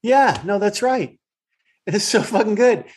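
A man's voice: sits high, animated, unhurried, a little mellow, breathy edge. A man who is a guest actor, telling stories from set over a remote call with weak wifi, emphatic and swearing freely. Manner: emphatic, profane storytelling.

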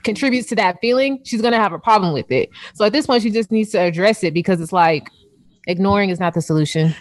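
Woman co-host, brisk talker, measured reasoning, dry close mic. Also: mid-range voice, no room sound. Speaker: podcast co-host reading a listener letter. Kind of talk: casual advice chat.

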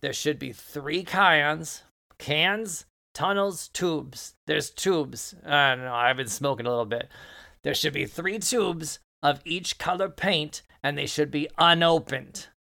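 Brief: gruff, gravelly counselor barking orders in a tabletop game, played by the game master. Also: medium pitch, slow, sharp tone, exaggerated voice. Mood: bossy. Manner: bossy, crude, rambling orders. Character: gruff camp counselor who smokes.

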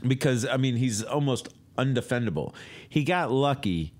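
A man co-hosting a casual political talk show, rambling and halting, with frequent restarts and wry jokes. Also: medium pitch, animated, darkish tone, slight background noise. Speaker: podcast co-host.

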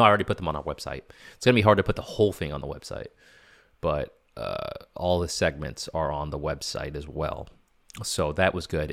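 A man's voice: a bass voice, a bit bright, clean tone, no room sound, clean studio sound. A man hosting a podcast, giving a casual, rambling solo update full of fillers and restarts. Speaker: podcast host.

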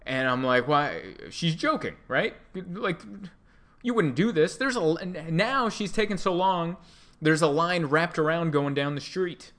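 A male comedian host telling an animated, exasperated story in a comedic monologue. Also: on the high side, measured pace.

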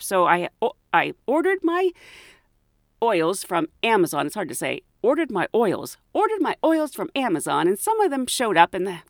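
A woman who works as a flight attendant tells a funny work story as a podcast host, animated and laughing often. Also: medium pitch, dry recording, clean studio sound. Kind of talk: casual storytelling chat.

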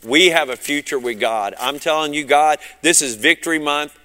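A man with a Southern US accent, preaching a fervent sermon that surges and drops in loudness. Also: a little high, normal speed, in a large hall. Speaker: pastor.

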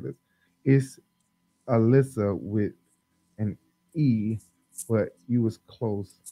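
Man, live-stream host, rambling, high, dry close sound. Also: no echo, highs cut off. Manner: loose, rambling, many ums and laughs. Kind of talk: casual live-stream chat.

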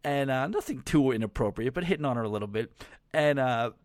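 A man hosting a casual podcast at an ordinary middle pitch. He rambles chattily through his stories, with plenty of fillers and little chuckles. The sound is close and dry. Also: lively intonation, a little fast, no echo. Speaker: podcast host.

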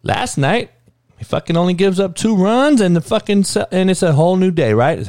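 A man's voice: high voice, lively intonation, normal speed, gravelly, a little mellow, no room sound, studio quality. A man hosting a sports podcast, ranting in a heated, profane, rambling way and often calling listeners dog. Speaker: podcast host. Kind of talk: casual sports rant.

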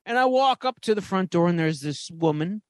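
A man's voice: high-pitched, animated, brisk, dry recording. A man co-hosting a podcast, telling a story in a casual, theatrical way. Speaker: podcast co-host.

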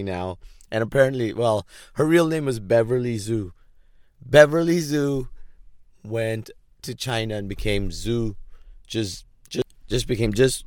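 A man's voice: deep voice, no echo, clean studio sound. A man giving a casual, sarcastic commentary rant, often laughing in disbelief. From third culture kid.

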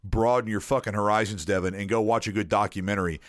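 A man co-hosting a podcast in casual, rambling chat, swearing often and getting excited. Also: lowish voice, fast talker, dry recording. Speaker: podcast co-host.

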